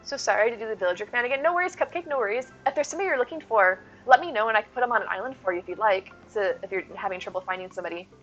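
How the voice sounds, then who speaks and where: A woman's voice: mid-range voice, racing, few pauses, fairly bright tone, lo-fi sound, soft background music. A woman in her thirties streaming live, chatting in a rambling way, reading her chat aloud and thanking viewers.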